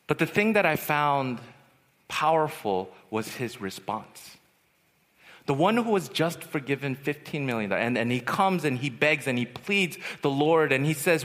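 A man's voice: a little high, measured pace. A young man preaching at a youth retreat, telling personal stories and acting out the voices in them. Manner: animated storyteller, acts out voices. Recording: long hall reverb.

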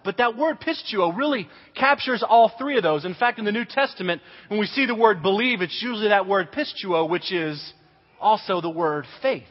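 Animated preacher in a hall. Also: male voice, sits high. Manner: animated storyteller, acts out quotes. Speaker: pastor. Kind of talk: sermon teaching with a personal story. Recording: dull reverberant hall recording.

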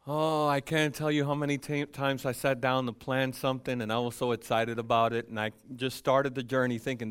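A man preaching a sermon as pastor, acting out conversations, swinging between loud emphatic lines and hushed quiet ones, at a church pulpit. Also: mid-range voice, little pitch movement, fairly quick, few pauses, clear, resonant tone. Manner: acts out dialogue with God and Paul.

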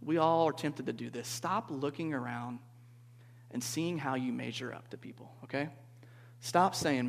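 A man preaching to a group in a relaxed, conversational way, often checking in with "okay?" and asking the listeners questions. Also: mid-range voice, normal speed, creaky. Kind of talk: interactive sermon. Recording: reverberant hall.

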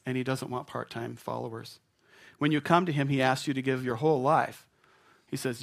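A man's voice: mid-range voice, fairly even intonation, moderate pace, vocal fry. A male pastor preaching a sermon in a church, conversational and playful, acting out the voices of doubters. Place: church sanctuary.

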